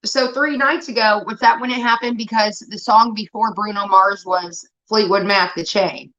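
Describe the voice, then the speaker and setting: A woman's voice: mid-range voice, steady tone, normal speed, fairly bright tone, dull audio. A woman livestreamer talking casually to her chat, blunt and profane, snapping back at commenters.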